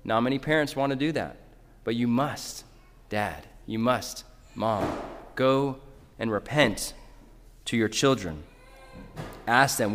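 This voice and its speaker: A man's voice: medium pitch, lively intonation, a little slow, pauses often. Guy preaching in church, earnest, talks straight to parents, echoey long reverb. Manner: earnest, direct address to parents. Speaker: pastor. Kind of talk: sermon.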